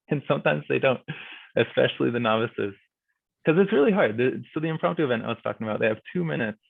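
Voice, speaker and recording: A man's voice: medium pitch, gravelly, no echo. A young man casually explaining how to judge speech events to a club meeting, filling his talk with "like" and "kinda". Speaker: guest speaker on speech and debate judging. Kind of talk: informal presentation at a virtual club meeting. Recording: thin phone-like video call audio.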